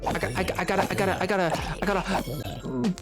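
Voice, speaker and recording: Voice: mid-range voice, lively intonation, a little fast, music in the background. A game streamer chatting playfully with the live chat during gameplay, often breaking into sung bits and silly asides. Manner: playful, goofy, sings along and talks to chat.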